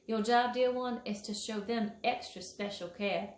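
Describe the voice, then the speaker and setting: A woman voicing a sweet, prim female fairy who teaches children manners, in a Southern drawl, scolding gently with pet names. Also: a little high, fairly even intonation, measured pace, lightly acted. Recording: echoey room.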